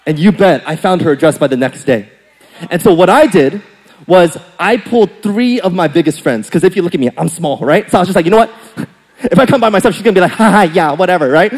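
A young man preaching a sermon as pastor, telling a playful story and acting out quotes with big jumps in pitch and loudness. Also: lively intonation, brisk. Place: church sanctuary. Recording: church hall with long reverb.

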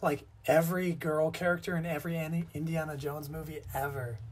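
Husky laid-back voice quoting movie. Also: medium pitch, steady tone, brisk, darkish tone. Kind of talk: casual movie chat.

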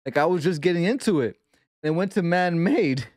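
A man from New York hosting a casual music reaction video, excitable and careful to explain his points. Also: sits high, moderate pace, dry recording, clean studio sound.

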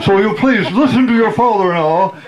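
Befuddled old father as a man puts him on, higher pitched, halting, pleading, animated. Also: heavily acted, low-quality recording. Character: befuddled, earnest elderly father, muddled and pleading.

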